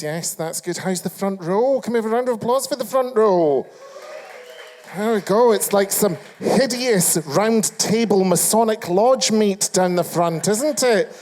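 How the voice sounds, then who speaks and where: A Scottish man with a high-pitched voice works a live crowd as a chat show host. His talk is camp and foul-mouthed, and he keeps needling audience members with sharp teasing. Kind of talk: live stand-up crowd work. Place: live comedy venue.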